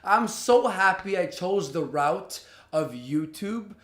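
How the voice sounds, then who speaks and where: A man's voice: sits high, lively intonation, slow pace, fairly bright tone, reverberant. A young man angrily ranting to camera in a storytime vlog, heated and profane, sputtering and restarting his sentences. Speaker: YouTuber. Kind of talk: angry storytime rant to camera.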